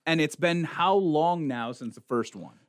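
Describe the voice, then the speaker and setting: A man co-hosting a podcast, ranting in animated casual chat. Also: fairly high pitch, unhurried, clean tone, no room sound, clean studio sound. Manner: animated, ranting, mocks others in quoted voices. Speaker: podcast co-host.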